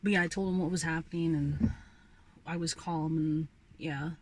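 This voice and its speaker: A woman's voice: low-pitched, steady tone, moderate pace, a little mellow. A young woman vlogger ranting casually about her old job, swearing freely and sighing often. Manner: profane, ranting, sighs often. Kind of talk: casual rant.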